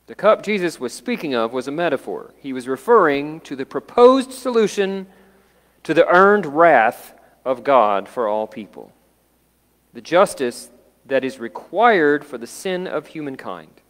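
Slow, solemn male preacher. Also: a little high, very animated, in a large hall. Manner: slow, dramatic, dropping to hushed tones. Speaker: pastor. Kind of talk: sermon. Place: church sanctuary.

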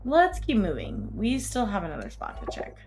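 A young woman co-hosts a casual gaming podcast, playful and quick to get excited as she reads lines from the game. Her pitch swoops around animatedly, with faint music playing behind her. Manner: playful, excitable, reads dialogue with little voices. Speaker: podcast co-host playing a visual novel. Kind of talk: casual let's-play chat, reading game lines aloud.

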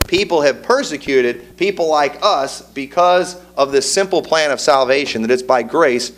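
A man's voice: a little high, normal speed. A man preaching a sermon as pastor, telling a folksy family story and then pressing his point with rising emphasis. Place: church.

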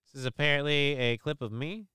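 A man's voice: on the high side, fairly quick, bright, forceful tone, smooth, dry recording, clean studio sound. A man hosting a live stream show, talking casually and rambling through news stories in a crude, sarcastic way with lots of swearing.

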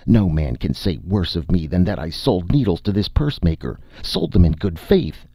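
A man's voice: low-pitched, expressive, normal speed, gravelly, mellow, no room sound, voice pushed up, full character voice. A man voicing a frantic young male needlesmith who protests shrilly, in an audiobook. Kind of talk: audiobook character voice. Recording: dull, dry audiobook recording.

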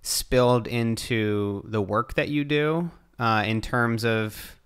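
A man hosting a podcast interview, asking thoughtful questions and reflecting out loud as he feels for his words. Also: medium pitch, slow pace, smooth. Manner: thoughtful, searching questions with restarts. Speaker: podcast host. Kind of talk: casual interview chat.

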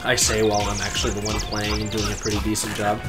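A man's voice: fairly low pitch, completely flat delivery. A man co-hosting a game video, teasing his partner playfully in casual gameplay commentary. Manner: playful, teasing, quick laughs. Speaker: gaming co-host. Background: game music.

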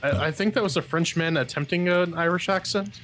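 A man's voice: fairly high pitch, a little fast, a bit bright, soft background music. A man co-hosting a gaming podcast in casual chat. He is wry and joking, and reads listener mail aloud. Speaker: podcast co-host.

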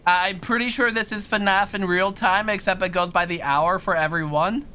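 A man's voice: high voice, normal speed, pushed and bright, slight background noise. A young man playing a horror game and commentating, jumpy and joking, screaming at the scares. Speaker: gaming streamer.

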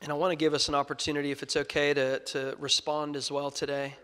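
A young man preaching a sermon, earnest, moving between loud emphasis and soft scripture reading. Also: fairly high pitch, little pitch movement, fast, clean tone. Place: church sanctuary. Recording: long reverb of a large hall.

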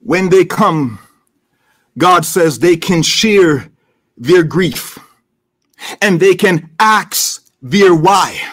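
A man preaches a sermon in a church with a strikingly high voice. He takes his time, speaking slowly and deliberately. He stacks up repeated phrases with rising emphasis. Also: animated, a bit bright, slightly rough. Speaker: pastor.

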